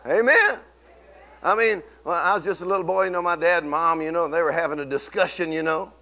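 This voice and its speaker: Man, middle-aged pastor, folksy storytelling sermon, bright forceful tone, slightly high voice. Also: a little fast, muffled recording. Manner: folksy storytelling preacher, swings from low murmurs to loud exclamations.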